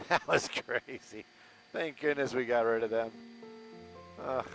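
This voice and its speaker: A man's voice: medium pitch, slow, vocal fry, a bit bright, soft background music, low-quality recording. A man giving live traffic reports from a news helicopter over a headset, upbeat on air and joking off air.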